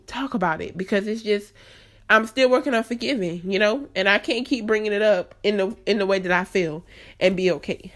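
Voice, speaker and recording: A woman in her late twenties hosting a solo podcast, talking candidly and earnestly straight to her listeners in a chatty, emphatic way. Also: medium pitch. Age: late 20s. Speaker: podcast host.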